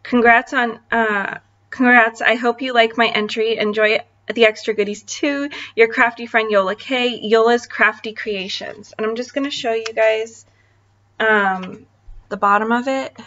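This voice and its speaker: Gushing woman unboxing crafts, slow and chatty. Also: on the high side, dull audio. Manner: gushing, excitable, chatty with many fillers. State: voice cracking. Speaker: craft channel host. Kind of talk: casual unboxing chat.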